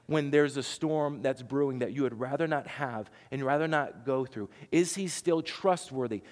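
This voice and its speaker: A man's voice: mid-range voice, normal speed, few pauses, long reverb tail. A man preaching a sermon, talking conversationally and asking the congregation rhetorical questions. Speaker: pastor.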